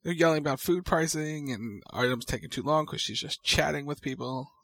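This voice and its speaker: A man's voice: fairly high pitch, fairly quick, a bit bright, no room sound. A man co-hosting a casual chat, chiming in with details in an easygoing way. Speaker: podcast co-host.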